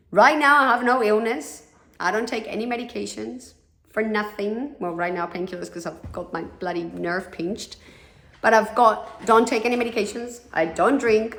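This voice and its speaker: A woman's voice: on the high side, gravelly, a little hiss or hum. Candid woman telling her story, echoey room. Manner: candid, swears freely, many fillers like "like" and "you know". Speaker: podcast host telling her own story. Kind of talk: personal storytelling monologue.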